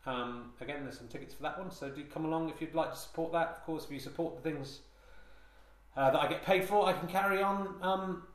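A man's voice: a little high, fairly quick. A man hosting a comedy podcast, rambling through a mock-solemn monologue with many hesitations and restarts, recorded on a handheld recorder. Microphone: handheld digital recorder. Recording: roomy, echoey room sound.

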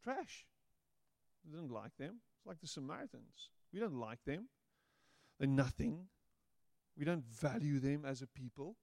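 A man preaching a sermon, playful and animated, slipping into little voices to act out quotes. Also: on the high side, moderate pace, creaky, no room sound, studio quality. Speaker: pastor.

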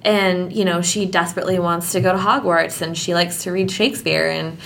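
A woman's voice: on the low side, steady tone, fairly quick, creaky, a bit bright, a little hiss or hum. A woman co-hosting a casual book podcast. She talks animatedly, laughs often and fills her sentences with "like". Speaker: podcast co-host.

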